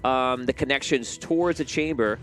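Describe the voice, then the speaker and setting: A man's voice: medium pitch, normal speed, fairly bright tone. A man acting as game master who rephrases himself as he explains rulings to his players. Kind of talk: running a tabletop game.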